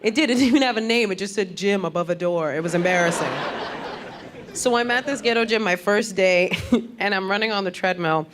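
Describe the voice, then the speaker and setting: A woman's voice: medium pitch, brisk. A woman performing a stand-up comedy set, telling stories in a punchy way and acting out the voices of other people. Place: comedy stage. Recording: live club set with audible crowd and noise. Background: audience laughter and room noise.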